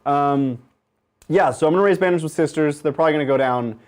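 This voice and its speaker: A man with a slightly higher voice talks through his wargame plans quickly. His humor stays dry and wry. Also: smooth. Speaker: wargame player. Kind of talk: casual tabletop game chat.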